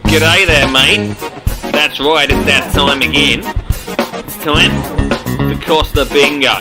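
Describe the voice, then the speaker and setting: A man's voice: fairly high pitch, slow. A man putting on an Australian accent as a brash bloke announcing a game, in a pre-recorded jingle. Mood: hearty. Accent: put-on Australian. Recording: pre-recorded jingle over loud guitar. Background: loud plucked guitar music.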